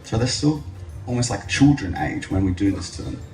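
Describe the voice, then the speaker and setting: A young man giving a public speech, telling his story with lively jokes. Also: on the low side, fairly quick, soft background music. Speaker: speaker at an event. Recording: echoey hall, mic from a distance.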